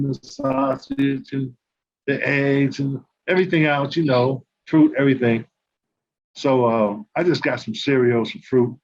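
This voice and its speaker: An older man, a podcast guest and former basketball player, telling casual stories and acting out the dialogue with laughter. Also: medium pitch. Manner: animated, acts out quoted dialogue, laughs while telling. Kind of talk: casual anecdote storytelling. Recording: slightly muffled with faint background noise.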